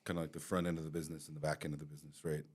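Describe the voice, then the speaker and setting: His pitch sits extremely low, and he races along in a level, breathy-edged tone. Co-hosting a business podcast as one of the company's team, he speaks casually and candidly, swearing and restarting repeatedly.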